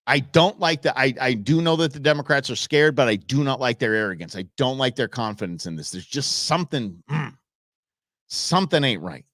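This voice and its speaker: A man from Southern California hosting a live show in casual chat, rambling and animated with folksy asides to his viewers. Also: mid-range voice, brisk, dry recording, studio quality.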